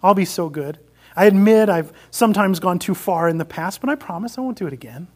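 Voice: medium pitch, expressive, a little fast, close to an everyday voice. A preacher voicing a pleading, wheedling male lizard creature in a sermon story. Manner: begging, bargaining.

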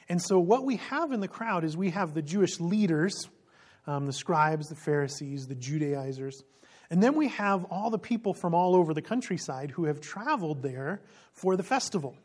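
A preacher delivers an expository sermon with lively energy, putting questions to the listeners and laughing now and then. He speaks at a medium pitch.

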